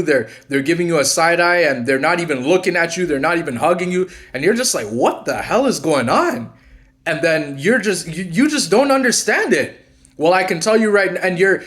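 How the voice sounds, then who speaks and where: Earnest man with a higher voice, rambling. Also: a bit bright. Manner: rambling, with many restarts and repeated "maybe". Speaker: channel host, narcissism coach. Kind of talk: casual monologue to viewers.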